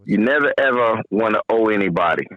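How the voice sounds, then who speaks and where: A man's voice: lowish voice, expressive, fairly quick, no room sound, phone-quality sound. Matter-of-fact man telling prison stories. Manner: matter-of-fact, repeats phrases for emphasis. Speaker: podcast guest, former corrections officer. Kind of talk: casual podcast storytelling.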